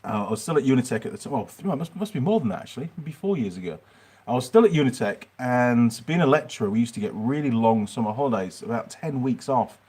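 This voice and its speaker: Chatting from his workshop, a middle-aged mechanic channel host from Yorkshire, England, rambles through viewer questions on a livestream. He speaks quickly in a mid-range, husky, slightly mellow voice with lively intonation.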